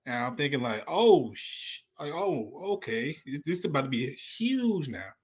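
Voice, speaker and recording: A man's voice: medium pitch, sing-song, normal speed, breathy edge. A man who is a guest on a casual talk show, giving his reactions with lots of restarts and slangy asides. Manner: rambling, many restarts and "like, yo". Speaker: guest co-host. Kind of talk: casual show review chat.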